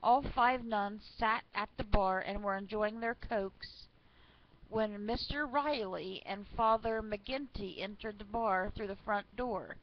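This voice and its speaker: Unhurried woman reading church jokes aloud. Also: medium pitch. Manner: chatty, with fillers and asides. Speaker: online reader of church stories. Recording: slightly muffled with faint noise.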